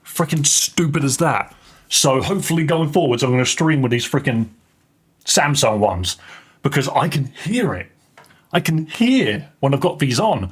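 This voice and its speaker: A man's voice: mid-range voice, expressive, measured pace, long pauses, slightly rough. A man chatting casually on a live game stream, rambling, joking and swearing as he goes. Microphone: headset.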